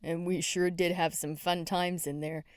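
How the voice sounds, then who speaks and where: A woman's voice: on the low side, flat delivery, unhurried, clean tone, no echo, clean studio sound, lightly acted. A woman voicing a teasing, easygoing young male police officer in an audiobook.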